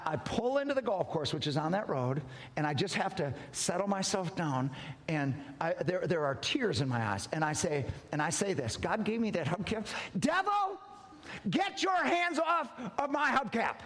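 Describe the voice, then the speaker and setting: A man preaching with a lively, high voice that swings up and down as he acts out the people in his story. The long reverb of a large hall trails each line. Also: normal speed. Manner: animated, wide swings in pitch and loudness, acts out dialogue. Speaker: pastor. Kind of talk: storytelling sermon.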